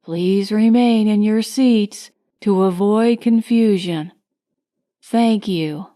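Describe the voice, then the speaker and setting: A woman's voice: medium pitch, slow, dark tone, natural voice. A woman voicing a pleasant, formal theater announcement. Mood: polite.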